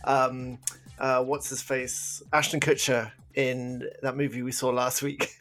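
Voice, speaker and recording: British guy on a podcast, mid pitch, laughs a lot, gets ranty. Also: unhurried. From Britain. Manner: animated, laughs easily, ranty. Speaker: podcast co-host. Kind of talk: casual chat.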